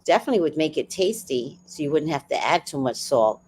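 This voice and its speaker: A woman in her fifties chats with her livestream viewers in a lively voice that swings up and down. She acts out the people in her stories, laughs easily and swears freely. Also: deep voice, fairly quick, husky. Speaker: livestream host. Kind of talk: casual storytelling to a live chat.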